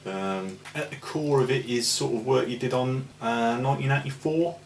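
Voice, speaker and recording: A man's voice: medium pitch, moderate pace, creaky. Hesitant man chatting in echoey room. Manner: rambling and hesitant, many ums. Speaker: co-host reviewing an album. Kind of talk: casual chat. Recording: echoey room with faint noise.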